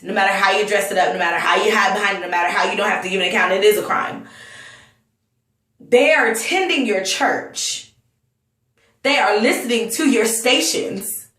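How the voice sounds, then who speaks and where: A woman from North Carolina speaks in an earnest, emotional rant, stumbling over restarts as she searches for words. Her mid-pitched voice sits back from the mic in an echoey room. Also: fairly bright tone. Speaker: vlogger and Sunday school teacher. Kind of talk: impassioned personal rant. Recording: roomy, distant mic.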